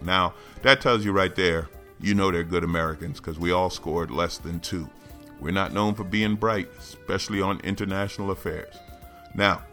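Sarcastic low-voiced male podcast host. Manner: sarcastic, animated, jokey. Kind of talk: comedic news commentary.

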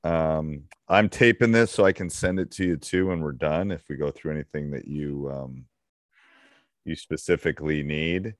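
Deep-voiced upbeat coach host. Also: male voice, moderate pace, no echo, studio quality. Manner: upbeat, rambling with fillers and laughs. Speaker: podcast host and basketball coach. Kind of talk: casual coaching chat.

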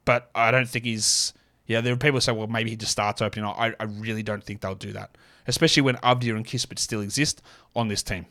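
A man's voice: medium pitch, steady tone, pushed and bright. Opinionated man hosting a sports podcast. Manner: opinionated, quick asides, self-deprecating jokes. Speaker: podcast host. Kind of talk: solo fantasy basketball podcast.

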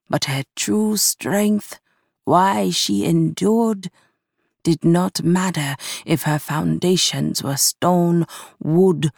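A woman reading the part of a wise old male storyteller who speaks in a hushed, reverent tone. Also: low-pitched, dry recording, studio quality, heavily acted.

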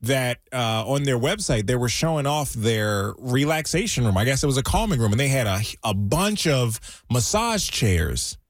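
Lively talk-radio man, animated pitch. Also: normal speed, no echo, studio quality. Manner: lively, laughs easily. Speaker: radio show co-host. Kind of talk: casual radio banter. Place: radio studio. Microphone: studio microphone.

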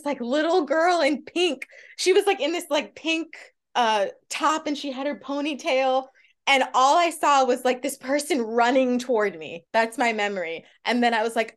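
Bubbly, laughing woman guest. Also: high voice. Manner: bubbly, laughs often, tells stories with quoted voices. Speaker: guest performer. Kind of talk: casual interview chat.

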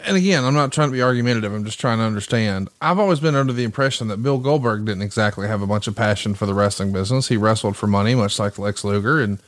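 A man hosting a podcast, chatty and quick to laugh, telling stories in casual conversation. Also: on the low side. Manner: chatty storyteller, laughs a lot. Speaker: podcast host.

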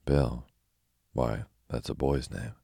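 Man doing a polite earnest little girl, storybook, deep rumbly voice. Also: steady tone, slow, vocal fry, mellow, husky, heavily acted.

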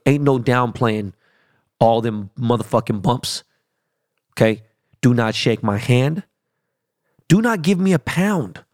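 A man hosting his podcast in a casual monologue, profane and emphatic, his voice rising high when he gets worked up. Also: gravelly, a little mellow, dry recording, clean studio sound. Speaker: podcast host. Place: Los Angeles studio.

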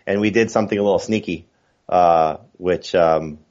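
A man's voice: sits low, moderate pace, a little mellow, lo-fi sound. A man talking fantasy football as a podcast guest, chatty and full of fillers and restarts. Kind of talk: casual podcast chat.

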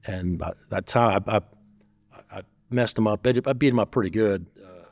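A man telling a story as an interview guest, blunt and profane, getting animated. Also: on the low side, normal speed, gravelly, no echo.

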